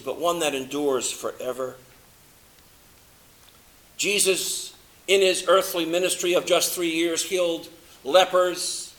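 Man, preacher, sermon, high voice, bright tone, dramatic swings from loud to hushed. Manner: dramatic, swings from loud emphasis to low hushed delivery, slows for stress.

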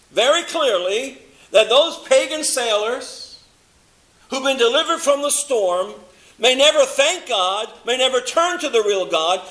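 Male preacher with a high, bright voice; dramatic sermon delivery, stretching key words. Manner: dramatic, swings from loud emphasis to low hushed delivery, slows for stress.

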